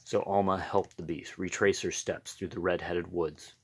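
A man reading a picture book aloud in a gentle, unhurried storytelling manner. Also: low-pitched, fairly even intonation, breathy edge.

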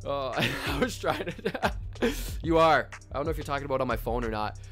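A young man streaming live from his home office on a desk microphone, excitably reading out chat names and laughing as he opens card packs. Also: mid-range voice, moderate pace. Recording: loud game music under the voice. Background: game music.

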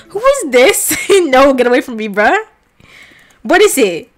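A young woman narrates her game session in an excited, scandalized rush, laughing and shrieking. Her voice sits fairly high, with soft music playing under her. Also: takes it slowly, pauses often. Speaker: gaming vlogger. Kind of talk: excited reaction commentary while playing.

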